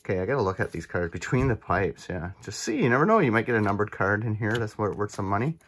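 Husky man opening card packs. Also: lowish voice, quick pace. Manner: excited, chatty, reacts to each card. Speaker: card collecting channel host. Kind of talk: casual pack-opening commentary.

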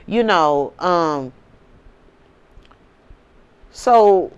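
A woman's voice: lowish voice, lively intonation, very slow, clean tone, highs cut off. A woman host telling a personal story in a candid, blunt way, often tagging lines with "you know what I'm saying.". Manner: blunt, profane and conversational. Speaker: advice channel host.

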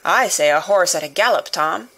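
Gruff, suspicious coach guard for an audiobook, played by a woman, loud and barking, a touch low. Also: normal speed, rough recording. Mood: commanding. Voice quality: gruff, growling. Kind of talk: audiobook character voice.

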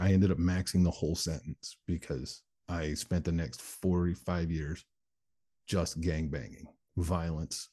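A man's voice: low-pitched, dark tone, husky. A man, a motivational speaker and interview guest, telling his personal story in a candid, blunt, plain-spoken way with the odd swear word.

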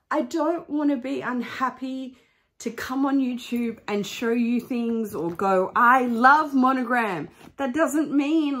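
A middle-aged woman vlogging, talking emphatically and getting heated. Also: on the high side. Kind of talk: candid vlog rant.

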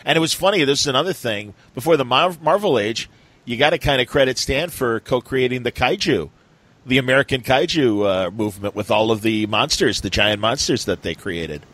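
A man's voice: mid-range voice, animated, a little fast, fairly bright tone, no room sound, low-quality recording. A man hosting a podcast, chatting casually in a rambling, enthusiastic way with lots of fillers. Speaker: podcast host. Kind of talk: casual chat.

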